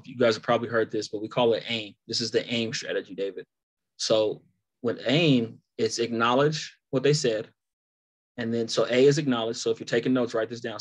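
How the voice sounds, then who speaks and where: A man giving a casual sales training talk, laid-back and laughing between points. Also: mid-range voice. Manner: animated storytelling.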